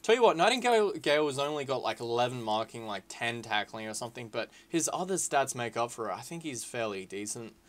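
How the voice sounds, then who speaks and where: A man giving casual, excitable gameplay commentary, swearing freely and calling his viewers lads and boys. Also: medium pitch, fairly quick, few pauses. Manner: excitable, swears a lot, shouts at big moments. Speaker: gaming video creator.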